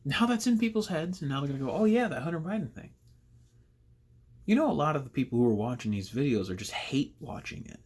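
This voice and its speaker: A man's voice: medium pitch, expressive, quick pace, hardly any pauses, darkish tone, husky. A man hosting casual political commentary, sarcastic and rambling with frequent restarts.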